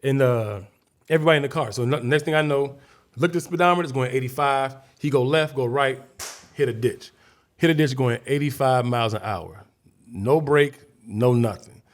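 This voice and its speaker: A man's voice: mid-range voice, moderate pace. A man from Chicago, a guest comedian, telling a story in a casual interview, acting out scenes and voices vividly.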